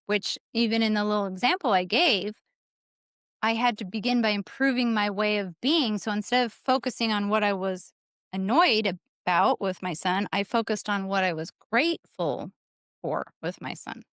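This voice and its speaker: A woman's voice: medium pitch, moderate pace, a bit bright, no echo, studio quality. A woman co-hosting a parenting talk, explaining points earnestly and repeating what matters. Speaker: parenting podcast co-host. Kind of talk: casual teaching talk.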